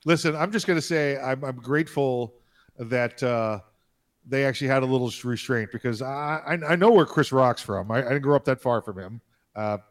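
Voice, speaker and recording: A man on a talk podcast who rambles through his points with deadpan jokes. His voice sits at an ordinary middle pitch in relaxed conversation. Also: moderate pace. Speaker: podcast co-host. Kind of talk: casual chat.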